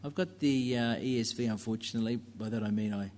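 A man's voice: mid-range voice, fast talker, a little mellow. A man preaching a sermon in a church, talking conversationally with fillers and asides to the congregation.

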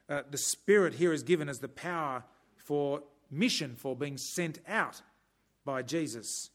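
A man delivers a sermon with a slightly raised pitch, stressing key phrases in a measured, emphatic way. Every so often he breaks off for a dry, humorous aside before returning to his point. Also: fairly bright tone. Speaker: preacher.

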